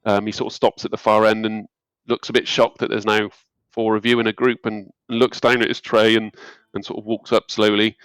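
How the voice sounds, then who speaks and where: Game master, man, halting and relaxed, dry close sound. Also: fairly low pitch, smooth, dry recording, poor audio. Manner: hesitant, many ums, relaxed. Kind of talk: narrating a tabletop game.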